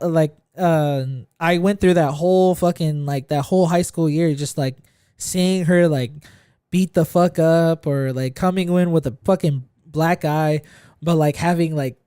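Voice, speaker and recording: A man's voice: a little high, unhurried, a little mellow, clean tone, no room sound, studio quality. A young man telling a long, rambling story in casual podcast chat, swearing constantly. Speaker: podcast co-host.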